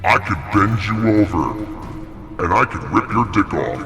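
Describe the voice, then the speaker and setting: A man putting on a crude, flirting deep-voiced man who talks in a slow, leering way. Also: animated, creaky, sharp tone, in a large hall, soft background music, heavily acted.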